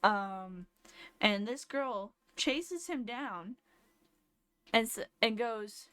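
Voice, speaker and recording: A woman's voice: a little high, extremely slow, long pauses, a bit bright, clear, resonant tone, no echo. A young woman streamer casually telling a rambling personal story, often laughing as she goes.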